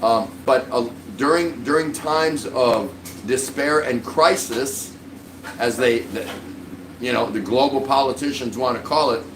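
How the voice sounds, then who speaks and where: A man hosts a casual live stream, chatting in a friendly, rambling way and greeting viewers by name. His voice sits at an ordinary middle pitch. It carries a roomy echo, sounds a little distant from the mic, and has a faint hum of background noise. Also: a little slow. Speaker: livestream vlog host.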